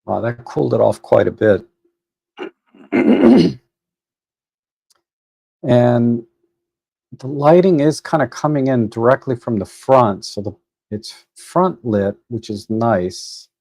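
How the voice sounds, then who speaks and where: A man's voice: medium pitch, expressive, takes it slowly, gravelly, long pauses, mellow, no echo. A man hosting a photo editing livestream, chatting casually and thinking aloud with fillers and restarts as he works at his computer. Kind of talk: casual live stream commentary. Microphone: desk microphone.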